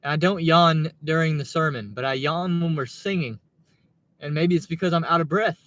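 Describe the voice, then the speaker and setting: Male livestreamer, somewhat high voice; laid-back, sleepy, thinking out loud from the driver's seat. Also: normal speed. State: tired, yawning. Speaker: gig delivery driver livestreaming. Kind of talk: casual livestream chat, reading viewer comments. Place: in a car.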